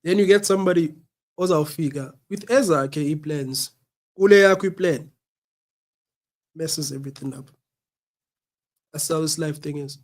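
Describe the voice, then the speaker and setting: A man's voice: on the high side, normal speed, pauses often. Earnest South African man with flu. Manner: earnest, preachy, repeats his points. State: has the flu, coughing. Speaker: radio show host. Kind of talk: reflective talk-show monologue.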